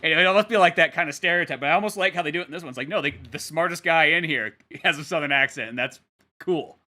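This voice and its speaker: A man's voice: a little high, quick pace, bright, forceful tone. A young man co-hosting a casual podcast, rambling and laughing as he retells a comic, often slipping into silly character voices. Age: young adult. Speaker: podcast co-host.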